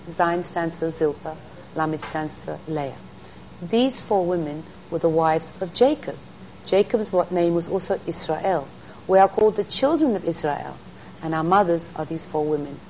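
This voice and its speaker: A middle-aged woman recounts stories in an earnest, teaching way, and she briefly acts out the people in them. Her voice sits somewhat low. A faint hum of ambience runs underneath. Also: measured pace, darkish tone, poor audio. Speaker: interview guest, speaker to women. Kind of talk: storytelling in an interview.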